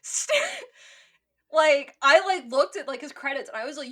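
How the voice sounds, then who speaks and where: A woman's voice: high-pitched, big pitch swings, a little slow, fairly bright tone. A woman co-hosting a film podcast, chatting casually and swearing freely, with lots of "like" and frequent laughter. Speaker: podcast co-host. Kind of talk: casual chat reviewing a film.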